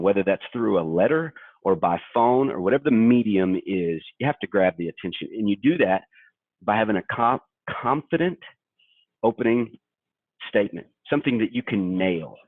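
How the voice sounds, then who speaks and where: A man's voice: on the low side, no echo. A younger man from Kentucky coaching brokers in a sales webinar, talking emphatically. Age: young adult. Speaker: webinar co-host and sales trainer. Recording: tinny dry phone line.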